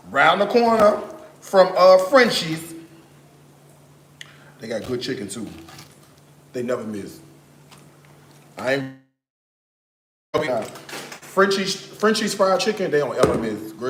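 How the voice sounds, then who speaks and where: Lively storytelling man in an echoey kitchen. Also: sits high, measured pace, long pauses, slight background noise. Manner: animated storyteller, addresses viewers directly. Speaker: cooking live-stream host. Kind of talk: casual chat while cooking. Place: home kitchen.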